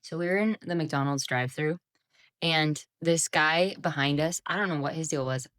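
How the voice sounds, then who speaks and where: A woman's voice: sits low, normal speed, a bit bright. A woman co-hosting a podcast, telling a story in a chatty, laughing way full of fillers. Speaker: podcast co-host. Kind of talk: casual chat, storytelling.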